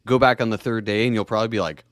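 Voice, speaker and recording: A man's voice: fairly low pitch, steady tone, rapid-fire, no room sound, studio quality. A man hosting a casual podcast, joking with wry quips.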